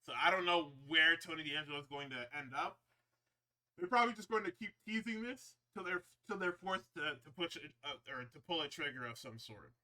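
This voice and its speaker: A man's voice: fairly high pitch, expressive, brisk, bright, forceful tone. A man hosting a podcast, recapping wrestling shows in a rambling, profane, casual way with frequent laughs. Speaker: podcast host.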